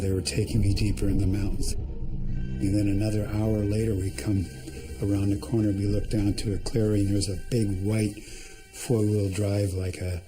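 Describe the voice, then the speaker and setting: A man with a low, mellow voice tells his survival story for a documentary, plain-spoken, often restarting his sentences. Faint music plays behind him. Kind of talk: documentary testimony.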